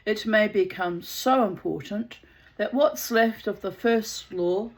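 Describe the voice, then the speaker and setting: A woman's voice: mid-range voice, slow, poor audio. A woman reading the part of a stern, short-tempered woman scientist, her lines curt and snapping. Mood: grim. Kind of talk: audiobook character reading.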